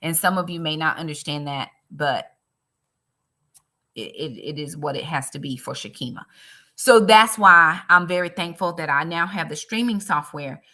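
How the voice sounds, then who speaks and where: A woman's voice: deep voice, normal speed, bright, forceful tone. A woman chatting casually on a budgeting live stream, earnest, speaking straight to her viewers and emotional about her faith.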